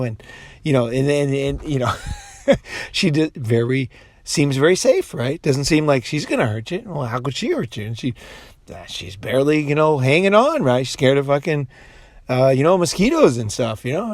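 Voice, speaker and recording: A man's voice: medium pitch, darkish tone, dry recording. Profane, rambling man with a dry sound. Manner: profane, rambling, with many restarts and put-on quoted voices. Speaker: commentator. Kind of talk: casual monologue.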